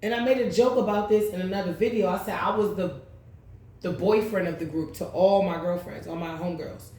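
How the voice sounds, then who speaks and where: A woman's voice: on the low side, brisk, warm tone. Blunt woman in an echoey room. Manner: blunt, profane, rambling. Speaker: tarot reader, channel host. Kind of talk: casual storytelling vlog.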